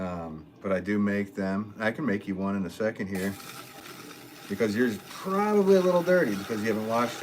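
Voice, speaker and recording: A man's voice: lowish voice, background noise. A man hosting a casual live stream as a potter, chatting and joking as he answers viewer comments with a laugh.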